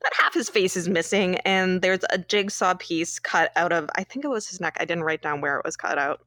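A woman's voice: fairly low pitch, brisk, a bit bright, no room sound. A woman from Canada co-hosting a podcast, recapping a movie in a sarcastic, casual way and laughing often. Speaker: podcast co-host.

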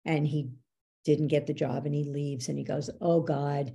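A woman coach explaining how beliefs work, teaching through lively anecdotes and acting out what people said. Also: sits low, moderate pace, vocal fry, breathy edge. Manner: animated storyteller, acts out quoted dialogue. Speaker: belief coach, podcast guest.

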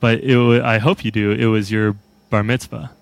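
A man's voice: fairly low pitch, fairly even intonation, moderate pace, creaky, clean tone, dry recording. A man who plays in a band talks in a laid-back, profane, self-mocking way during a casual chat. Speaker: band member.

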